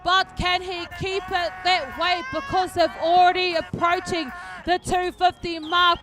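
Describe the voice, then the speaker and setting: A woman giving chatty, joking, excitable live commentary on a canoe race outdoors. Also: very high voice, unhurried, a crowd in the background.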